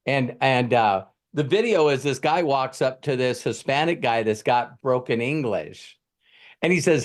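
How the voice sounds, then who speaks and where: A man hosting a group coaching session, an animated storyteller who acts out the quotes. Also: mid-range voice, measured pace. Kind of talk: motivational group coaching talk.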